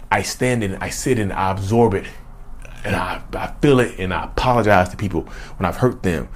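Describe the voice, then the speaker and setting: A man talking on his own channel, a casual monologue with a repetitive, preachy delivery that keeps calling viewers y'all. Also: fairly low pitch. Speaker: channel host.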